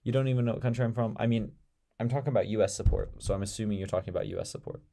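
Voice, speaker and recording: A man's voice: on the low side, very fast, creaky, warm tone, slight background noise. A young man with an American accent, hosting a casual live stream and answering viewer comments with dry sarcasm. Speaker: live-stream debate host.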